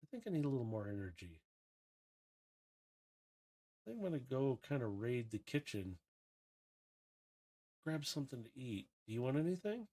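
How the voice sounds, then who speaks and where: A man voicing a gentle, newly freed young female robot in a tabletop game, speaking softly and hesitantly. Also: mid-range voice, very animated, normal speed, long pauses. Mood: playful.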